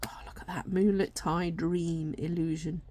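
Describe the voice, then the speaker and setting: Gentle, musing woman, low voice. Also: flat delivery, unhurried. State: tired, yawning. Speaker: tarot and oracle deck reviewer. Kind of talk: casual deck walkthrough.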